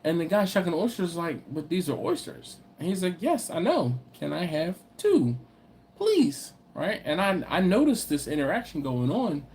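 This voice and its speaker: A middle-aged man hosts a casual BBQ channel livestream, telling stories and reading viewer comments aloud, growing animated when he gets excited. His voice is high-pitched, his pace moderate, with slight background noise.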